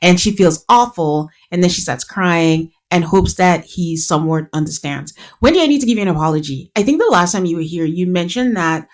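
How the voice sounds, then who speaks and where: A woman hosting a podcast, recapping casually in a lively way, acting out quotes and laughing often. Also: fairly low pitch, fairly quick, few pauses. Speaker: podcast host.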